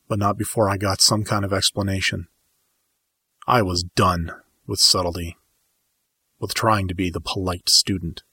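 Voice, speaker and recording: A man narrating a first-person story in a measured, dramatic audiobook style. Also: lowish voice, pushed and bright, slightly rough, dry recording, studio quality.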